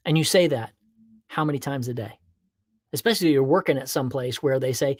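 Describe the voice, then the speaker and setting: A man hosting his own podcast, chatting casually with viewers before he records, then talking in a playful, animated way. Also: medium pitch, moderate pace, dry recording, studio quality. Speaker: podcast host. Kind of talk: casual livestream chat and podcast monologue.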